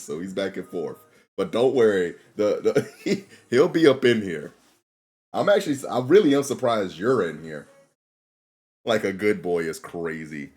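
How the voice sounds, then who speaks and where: A man streaming a game live, chatting casually with his viewers in laid-back slang and laughing often. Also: on the low side. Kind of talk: casual live-stream chat while gaming.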